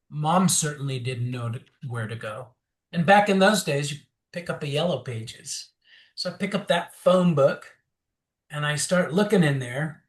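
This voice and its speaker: Man telling his recovery story. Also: fairly high pitch. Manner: candid, animated storytelling with acted quotes; frequent fillers and restarts. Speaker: interview guest.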